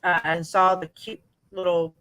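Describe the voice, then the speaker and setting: A woman's voice: lowish voice, little pitch movement, a little slow, a bit bright, a little hiss or hum, rough recording. A woman co-hosting a live stream, sounding apologetic and flustered, her voice breaking up into glitchy robotic internet audio. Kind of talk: casual live stream chat.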